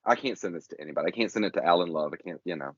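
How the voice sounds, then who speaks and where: Man, low voice, casual podcast chat, rambling, joking, dull dry lo-fi sound. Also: rapid-fire, fairly bright tone, breathy edge, no room sound.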